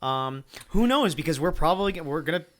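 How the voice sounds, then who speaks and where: A man's voice: on the high side, lively intonation, a little fast, fairly bright tone. Joking male podcast co-host. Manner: joking, with fillers. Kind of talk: casual chat.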